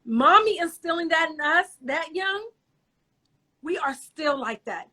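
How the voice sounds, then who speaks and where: A woman talking in an animated, emotional way in casual chat, sharing warm family memories. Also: very high voice, a little slow. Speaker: host.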